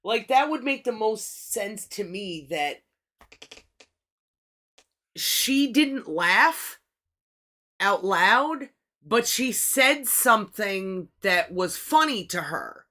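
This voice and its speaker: A woman's voice: mid-range voice, expressive, extremely slow, long pauses, pushed and bright. A woman hosting a livestream, casually reading scripture and giving blunt, profane commentary as she thinks aloud. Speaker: livestream host.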